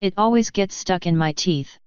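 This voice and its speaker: Woman reading as a playful cheeky young mare, low clear voice, dry muffled storybook reading. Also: moderate pace, no room sound, natural voice. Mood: grumpy.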